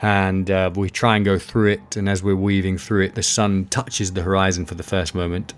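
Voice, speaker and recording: A man's voice: low-pitched, little pitch movement, moderate pace, slight background noise. A man being interviewed about a sea kayaking expedition, telling it casually with many fillers and restarts.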